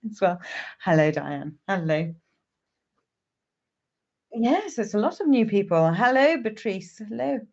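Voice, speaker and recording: A woman's voice: mid-range voice, very animated, measured pace, creaky, long pauses, a little mellow. A woman with a mid-range voice, hosting a live-stream reading in an easy, chatty way. She greets viewers one by one. The sound is dull and lo-fi, like stream audio. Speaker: psychic medium.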